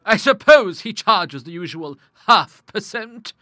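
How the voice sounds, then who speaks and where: Man voicing a stern older woman, severe, scornful, high, very bright, dry close sound. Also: very animated, a little slow, no echo, exaggerated voice. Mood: businesslike. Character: stern, grim middle-aged woman, bitter widow.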